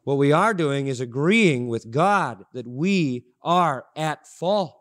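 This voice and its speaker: A man's voice: on the high side, animated, takes it slowly. A man preaching a sermon, emphatic and repeating key phrases for stress. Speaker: pastor. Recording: audio-only sermon recording.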